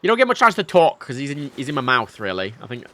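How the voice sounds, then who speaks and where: Bright, animated man chatting while gaming. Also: medium pitch, fast. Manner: rambling, self-mocking, jumps to loud outbursts. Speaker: livestreamer. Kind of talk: casual gameplay chat.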